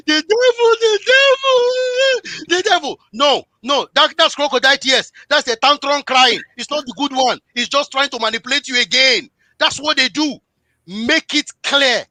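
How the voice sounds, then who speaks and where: Bright, high-voiced man preaching passionately. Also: no room sound. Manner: emphatic, preachy, repeats phrases for emphasis; direct address to the audience. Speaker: guest speaker on relationships. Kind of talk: impassioned motivational talk.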